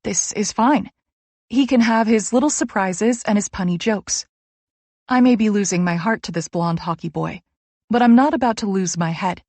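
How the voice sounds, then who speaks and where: A woman narrating a first-person romance audiobook with a lively, wry storytelling manner. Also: medium pitch, moderate pace, no room sound.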